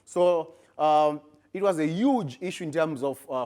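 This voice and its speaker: A middle-aged man with a Zimbabwean accent gives a conference research talk, emphatic and animated, his voice rising in bursts as he makes his points. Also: a little high, unhurried. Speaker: research presenter.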